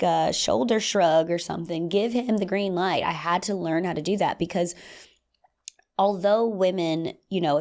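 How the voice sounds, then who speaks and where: A young adult woman hosting a solo podcast in casual, animated talk, acting out little scenes in playful voices. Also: lowish voice. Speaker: podcast host.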